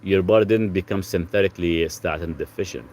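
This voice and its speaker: A man from Lebanon hosting a casual livestream, answering viewers' health questions in a relaxed, rambling way. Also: low-pitched, brisk, slight background noise. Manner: relaxed, rambling, talks softly to his dog between questions. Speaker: health channel host answering live chat.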